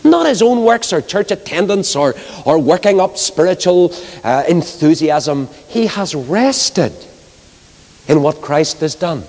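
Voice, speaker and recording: A man preaching an impassioned evangelistic sermon, swinging from loud exclamations to hushed storytelling. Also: fairly high pitch, very animated, unhurried. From Northern Ireland. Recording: long hall reverb.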